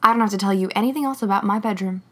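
A woman's voice: mid-range voice, very fast, a bit bright, close to an everyday voice. A woman reading the lines of a wry, confiding young woman in a story. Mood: tender.

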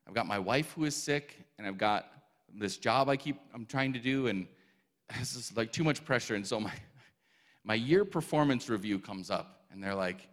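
A man telling a personal faith testimony, animated, acting out quotes and laughing often. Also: mid-range voice, moderate pace.

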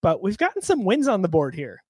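A man's voice: sits high, huge pitch swings, a little fast, a little mellow, slightly rough, no echo. An enthusiastic man co-hosting a casual gaming podcast, talking upbeat about a new movie. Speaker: podcast co-host.

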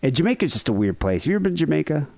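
A casual podcast co-host, a man telling a rambling story with plenty of profanity. His pitch jumps around a lot as he talks. The sound is dry, with no room echo. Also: rapid-fire, gravelly. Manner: animated, profane, mimics people in quotes.

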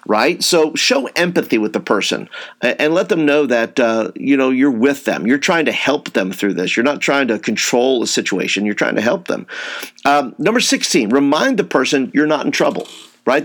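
A man's voice: mid-range voice, expressive, moderate pace, fairly bright tone. A man giving an informal teaching talk to youth workers, going through numbered tips, acting out example dialogue with lots of fillers and restarts. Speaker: youth ministry trainer.

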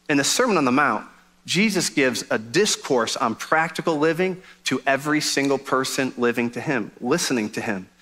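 A man preaching a sermon as pastor, telling a joke in an animated storytelling manner. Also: a little high.

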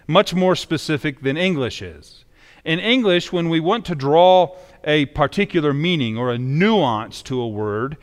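A man's voice: on the high side, big-room sound. A man pastor reading scripture and then preaching a sermon in a conversational, emphatic way.

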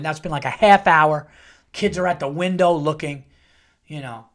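At a moderate pace, this thirty- or forty-something male podcaster spins a loose, foul-mouthed, lively yarn. Whenever he voices someone else's words, he leaps abruptly in pitch and loudness.

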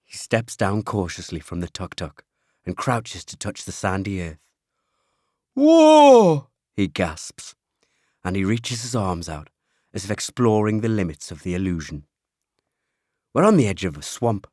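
A man reading an audiobook aloud, telling the story in first person with lively timing. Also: sits low, normal speed, husky, no room sound, clean studio sound. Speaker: audiobook narrator. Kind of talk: scripted audiobook narration.

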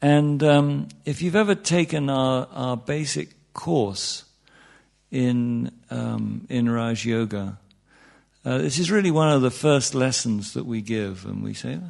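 Man, meditation teacher, mid-range pitch, slight fry in the voice, casual talk, wry asides, frequent restarts. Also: slow pace, a little mellow. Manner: chatty and wry, with frequent restarts and questions to the audience. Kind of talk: informal teaching talk to a live audience. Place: speaking in front of a room of listeners.

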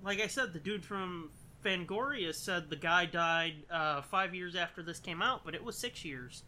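High bright-voiced joking man. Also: lively intonation, moderate pace, slight background noise. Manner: joking, profane, laughs often. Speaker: podcast co-host. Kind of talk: casual movie commentary.

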